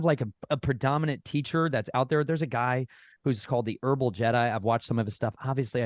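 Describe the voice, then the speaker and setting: A man talking casually as a podcast guest, folksy and animated, often addressing listeners as y'all. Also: medium pitch, no room sound, studio quality. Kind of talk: casual storytelling chat.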